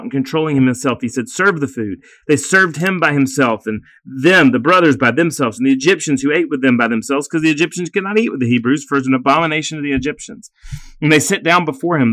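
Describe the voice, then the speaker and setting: A man reads a scripture passage slowly and carefully, stopping now and then for a short plain explanation. His voice sits at an ordinary pitch for a man. The recording is dry and close, with no room sound. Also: a bit bright, no room sound. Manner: slow, deliberate reading with short asides. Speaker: pastor reading scripture. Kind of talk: scripture reading with commentary.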